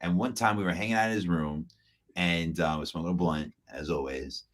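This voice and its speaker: A man's voice: deep voice, a little fast. A man hosting a podcast, chatting casually and telling stories, acting out the voices of people he quotes and laughing often. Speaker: podcast host.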